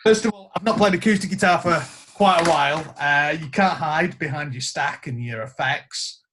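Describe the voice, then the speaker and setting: A man's voice: fairly high pitch, normal speed, a little hiss or hum. A man, a guest guitarist, telling stories in casual podcast chat and acting out the quotes. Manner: animated storyteller acting out quotes.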